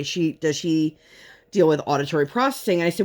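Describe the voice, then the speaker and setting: A woman vlogger and parent telling a story in relaxed, chatty conversation, often drifting into tangents. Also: sits low, normal speed. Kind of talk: casual chat while crafting.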